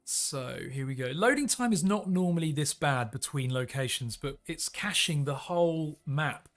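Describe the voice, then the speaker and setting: A man's voice: fairly high pitch, animated, normal speed, soft background music. A man hosting a live stream, chatting casually and upbeat while flying a plane in a simulator and greeting viewers. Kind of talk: casual live-stream commentary while playing a flight sim.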